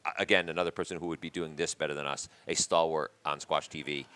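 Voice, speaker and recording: A man's voice: very deep voice, steady tone, fast talker, pushed and bright, smooth. A male co-commentator in casual banter, joking, incredulous and laughing often.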